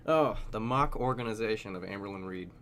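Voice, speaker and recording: A man's voice: on the low side, a little fast, a bit bright, a little hiss or hum. A man streaming live, making sarcastic remarks and laughing while talking back at a video. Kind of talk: casual live-stream commentary.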